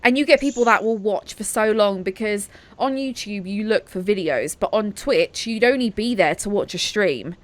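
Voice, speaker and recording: A woman's voice: mid-range voice, lively intonation, normal speed, few pauses. A woman co-hosting a podcast in casual chat, chatty and encouraging, with frequent fillers. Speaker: podcast co-host.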